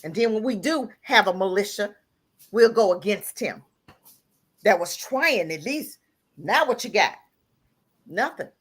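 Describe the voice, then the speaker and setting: A woman calls in to a live talk show and launches into an impassioned, emphatic rant packed with repeated lines. Her animated, slightly rough voice moves a little slowly with long pauses, and she breaks into laughter and pushes her voice up to near-crying pitch.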